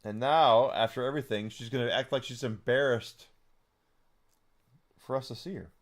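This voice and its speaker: A man's voice: medium pitch, normal speed. A man streaming a game, chatting with amusement and plenty of filler words. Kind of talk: casual let's-play commentary.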